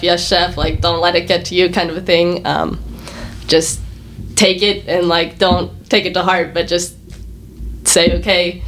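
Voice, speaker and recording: A woman's voice: fairly low pitch, a bit bright. A young woman, a chef and podcast guest, telling stories in a chatty way with lots of fillers and laughter. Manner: chatty storytelling, frequent "like" and laughter. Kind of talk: casual interview chat.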